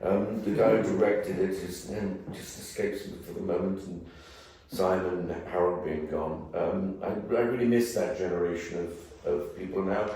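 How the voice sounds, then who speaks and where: Older man, Birmingham accent, rambling guest speaker; low voice, distant mic, big reverberant hall. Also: moderate pace, few pauses, warm tone. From England. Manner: rambling, jokey, casually swearing. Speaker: guest actor. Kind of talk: anecdotal talk and Q&A. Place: event room before a live audience.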